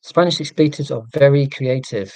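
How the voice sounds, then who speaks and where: A man's voice: mid-range voice, normal speed, a little mellow, dry recording. A man from England hosting a live stream, chatting in a rambling, self-deprecating, joking way. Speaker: livestream host.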